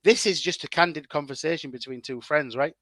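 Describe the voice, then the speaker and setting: A man's voice: on the high side, fairly quick, a bit bright, no echo. A man, chatting as a guest content creator in a casual interview, full of fillers and restarts.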